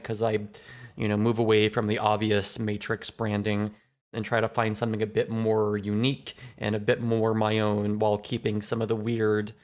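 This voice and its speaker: A man from the United States hosting a podcast, talking in a relaxed, rambling way with frequent fillers. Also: lowish voice. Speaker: podcast host. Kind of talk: casual podcast interview.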